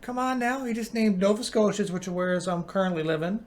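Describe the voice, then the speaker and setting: A man's voice: sits high, fairly quick, slight background noise. A man with a Newfoundland accent hosting a reaction channel, chatting casually and upbeat and laughing along often. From Newfoundland, Canada.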